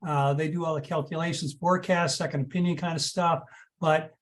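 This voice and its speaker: A man's voice: on the high side, fairly even intonation, fairly quick. A man giving expert answers on a video call, hesitant, restarting sentences often. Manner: hesitant, lots of restarts and uh's. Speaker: guest advisor.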